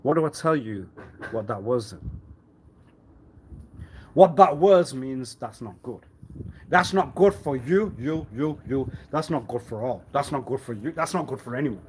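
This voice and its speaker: A man's voice: medium pitch, lively intonation, measured pace, long pauses, a little hiss or hum, poor audio. A man in a rambling live-stream monologue, lecturing with repeated rhetorical questions, laughing often and repeating himself. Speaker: livestreamer.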